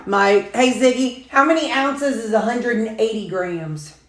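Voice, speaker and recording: A woman's voice: fairly high pitch, unhurried, a bit bright. A woman, chatting casually as a food vlogger while she eats, in a folksy, rambling way with frequent chuckles. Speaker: food and weight-loss vlogger. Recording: echoey room.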